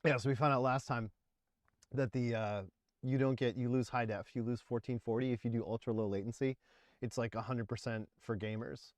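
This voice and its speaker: Guy in his 40s rambling on his stream, smooth voice, dry close mic. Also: mid-range voice, steady tone, brisk, no room sound. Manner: rambling, chatty, laughs often. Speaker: livestream host. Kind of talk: casual livestream chat about music.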